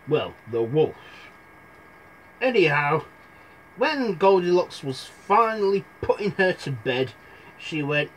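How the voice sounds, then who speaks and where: A man's voice: a little high, a little hiss or hum. A young man telling fairy tales in a rambling, irreverent comic retelling, full of asides. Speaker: storyteller.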